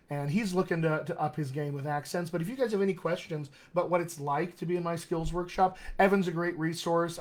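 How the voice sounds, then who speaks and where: Male dialect coach, upbeat live-stream teacher, a touch high-pitched, reads viewer comments. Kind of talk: live-streamed vocal exercise lesson.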